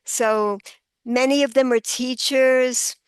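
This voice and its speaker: High-voiced older woman telling a story. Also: fairly even intonation, smooth, no room sound. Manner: earnest storytelling, slows for emphasis. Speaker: guest author. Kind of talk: podcast interview.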